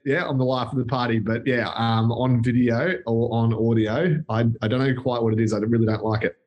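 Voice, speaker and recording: An Australian man with a mid-range voice talks as a podcast guest. He is relaxed and reflective, often pausing with a soft "um" as he gathers his thoughts. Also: medium pitch. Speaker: company CEO, guest. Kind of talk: casual interview chat.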